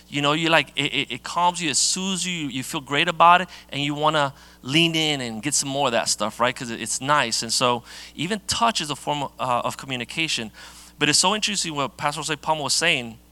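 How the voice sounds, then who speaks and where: Man, middle-aged pastor, chatty sermon, restarts, fillers, bright ringing tone. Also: fairly high pitch, a little fast, dry recording. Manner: conversational, many fillers and restarts.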